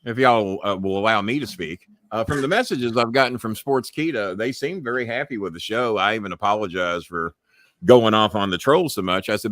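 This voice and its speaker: A man's voice: on the low side, a little fast, a bit bright, no echo, studio quality. A man hosting a live podcast stream in casual chat, talking bluntly and swearing freely as he rambles. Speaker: podcast host.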